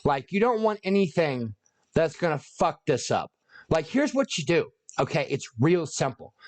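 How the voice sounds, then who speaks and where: A man ranting about a movie, sarcastic, profane and rambling. His voice sits a little high for a man. He talks off the cuff, with lots of restarts and asides. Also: very animated, normal speed. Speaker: video creator. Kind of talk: unscripted movie rant.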